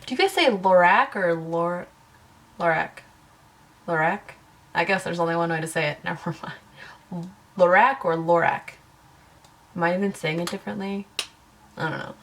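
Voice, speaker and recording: A woman's voice: fairly low pitch, normal speed, pauses often, fairly bright tone. A woman talking to camera in her bedroom, giggly, rambling and self-conscious. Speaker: beauty vlogger. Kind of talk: casual talk to camera.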